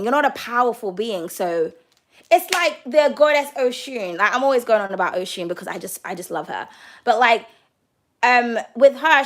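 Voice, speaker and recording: Speaking directly to the listener, a young woman with a high voice runs through a tarot reading in a loose, chatty manner. She often calls them "darling" and swears freely.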